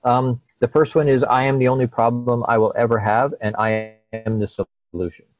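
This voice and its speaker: A man's voice: mid-range voice, normal speed, highs cut off. A middle-aged man, a guest, telling a personal story in conversation and acting out the voices of the people in it. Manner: animated, acts out quoted dialogue.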